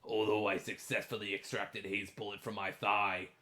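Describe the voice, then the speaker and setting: A man's voice: on the low side, flat delivery, moderate pace, pushed and bright. A man doing a hammy pirate voice. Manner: hammy mock-pirate reading voice. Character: feverish dying man writing a diary.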